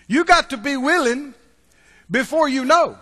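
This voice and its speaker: A man preaching a sermon, telling stories and swinging between loud passages and hushed ones. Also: very high voice, expressive, takes it slowly, big-room sound. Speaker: pastor.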